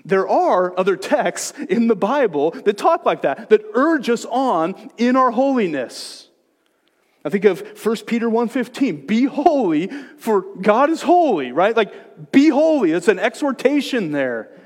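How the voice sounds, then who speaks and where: A man preaching a sermon as pastor, moving between hushed, gentle reassurance and loud, emphatic exhortation. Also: high-pitched, big pitch swings, measured pace, in a large hall. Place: church sanctuary.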